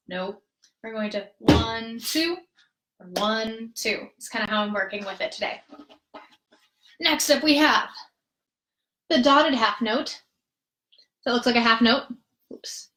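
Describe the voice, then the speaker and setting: A woman music therapist leading a rhythm lesson in a patient, upbeat way, counting beats aloud slowly. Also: a little high, a bit bright. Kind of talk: live-streamed rhythm lesson. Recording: roomy echo.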